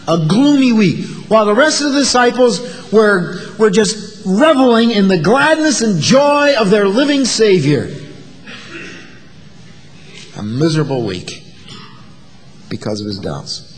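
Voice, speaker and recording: In a large hall, a man with a high-pitched voice preaches a dramatic sermon. He acts out the voices of the people in his story, both the disciples and the doubters.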